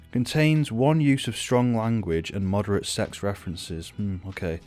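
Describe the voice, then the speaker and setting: A man's voice: fairly low pitch, expressive, normal speed, hardly any pauses, darkish tone, faint music behind. A young man giving sweary, offhand, sardonic commentary while reviewing a film. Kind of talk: casual reaction commentary.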